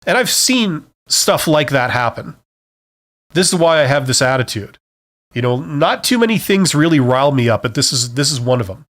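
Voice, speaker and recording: A man's voice: mid-range voice, expressive, moderate pace, a bit bright. A middle-aged man giving frank career advice on a casual live stream, ranting a little and checking in with "okay?" and "right?".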